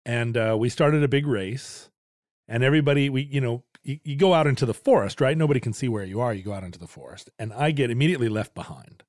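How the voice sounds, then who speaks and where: A man's voice: medium pitch, fast talker, no room sound, studio quality. A man from Alaska, co-hosting a podcast and telling self-deprecating stories in casual chat. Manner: self-deprecating storyteller, animated. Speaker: podcast co-host.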